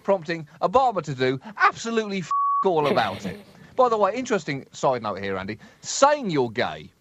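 A man co-hosting a satirical comedy podcast, delivering wry, deadpan asides with bursts of emphasis. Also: on the high side, moderate pace, very noisy.

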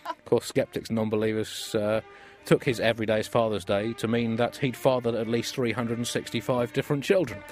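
Deadpan British man with comic outbursts. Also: medium pitch, fairly quick, hardly any pauses, faint music behind. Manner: dry, deadpan delivery with bursts of mock outrage. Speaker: comedy podcast host. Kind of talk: satirical comedy banter.

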